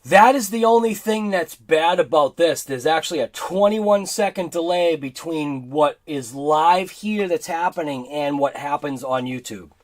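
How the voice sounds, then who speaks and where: A man's voice: a little high, expressive, measured pace, hardly any pauses. A man with a Boston accent hosting a casual livestream, rambling and laughing as he reads chat aloud. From Boston area, United States. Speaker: livestream host.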